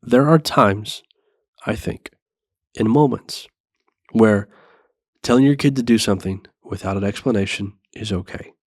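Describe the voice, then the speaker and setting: Man in his thirties, low voice, earnest and measured, dry close sound; parenting show host. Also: a little mellow, no echo. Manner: earnest, measured, self-reflective. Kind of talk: reflective monologue.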